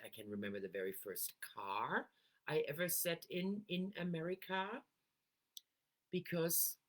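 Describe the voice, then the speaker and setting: A middle-aged woman, an NLP coach, talking to camera and shifting her voice tone for emphasis. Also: a bass voice.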